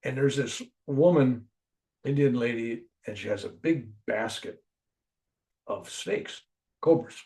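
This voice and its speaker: An older man telling a personal story in a conversation, animated, jumping loud for emphasis and dropping soft when he reflects. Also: mid-range voice, takes it slowly, long pauses, recorded from a distance. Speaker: interview guest.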